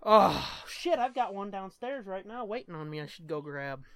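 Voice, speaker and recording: A man's voice: high voice, expressive, moderate pace, gravelly, a bit bright, no echo. A man co-hosting a podcast in casual chat, joking and swearing freely, easily sidetracked. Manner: profane, joking, easily distracted. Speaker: podcast co-host.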